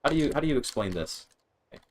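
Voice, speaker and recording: A man at his stream thinks out loud in long, winding rants. He keeps cutting himself off and restarting, drops casual swears, and talks at an everyday middle pitch. There is a faint hiss behind him. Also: expressive, very fast. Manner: rambling, self-interrupting, swears freely. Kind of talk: casual gaming stream chat.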